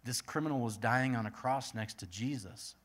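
A man's voice: medium pitch, normal speed. A male pastor preaching and praying in an earnest manner, building his points through repeated lists. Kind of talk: sermon.

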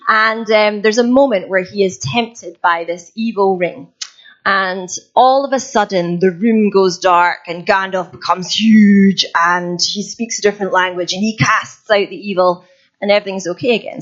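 A woman giving an informal, chatty sermon as a preacher, self-deprecating and quick to laugh. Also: mid-range voice, a bit bright. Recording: slightly dull recording.

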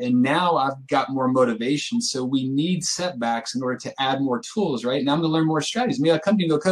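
A man co-hosting a podcast, a youth soccer coach explaining his views earnestly with quick rhetorical asides. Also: medium pitch, poor audio. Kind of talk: casual podcast chat.

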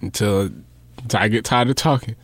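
A man's voice: brisk, no echo. A man in casual chat, telling stories with lots of swearing and acting out quotes. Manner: animated, profane, acts out quotes with big pitch swings.

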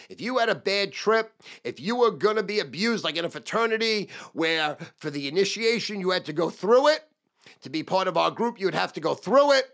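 A middle-aged man tells a story in a profane, emphatic monologue. His voice sits a little high, swings widely in pitch, and has a bright, forceful edge. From Long Island, New York. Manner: animated, heavy swearing, emphatic repetition.

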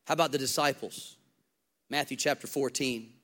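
A male pastor preaching an energetic, humorous sermon, telling Bible stories and swinging from loud, high calls to hushed, intimate stretches. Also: normal speed.

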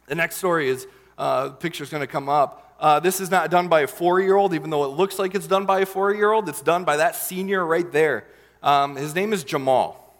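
A young man telling a personal story in a sermon, earnest and emotional, with many fillers and pauses. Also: fairly high pitch, long reverb tail. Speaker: youth leader giving a sermon.

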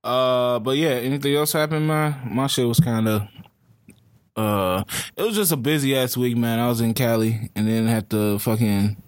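A man's voice: mid-range voice, moderate pace, dry recording. A man co-hosting a podcast, chatting casually with friends, easygoing, with short reactions and swearing. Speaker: podcast co-host. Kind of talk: casual chat among friends.

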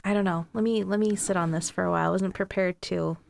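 A woman's voice: fairly low pitch, steady tone, fast talker, gravelly, a little hiss or hum. A woman chatting casually on a podcast, a bit hesitant and thoughtful. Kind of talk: casual chat.

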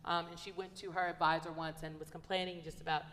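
A woman's voice: lowish voice, flat delivery, fast talker, fairly bright tone, slight background noise. A woman on a discussion panel, telling stories emphatically and raising her voice when she quotes someone. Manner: emphatic storytelling, rising sharply when quoting. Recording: long hall reverb.

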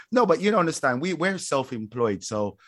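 A man's voice: fairly high pitch, very animated, normal speed, a bit bright, dry recording, clean studio sound. A man co-hosting a podcast in casual chat, rambling and joking and often breaking into laughter. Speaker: podcast co-host.

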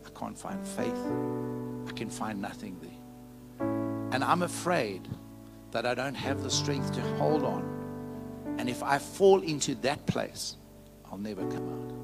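A gravelly, mid-range voice carries this animated church sermon, delivered at a measured pace with many pauses. The pastor preaches fervently and frankly, drawing the congregation into call-and-response and telling his own story of faith as piano music plays.

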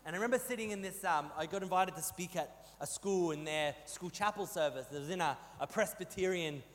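A man in his thirties with an Australian accent, preaching a sermon as a pastor, telling stories with animated, rising emphasis. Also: high voice, fairly quick. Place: church hall. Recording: long hall reverb.

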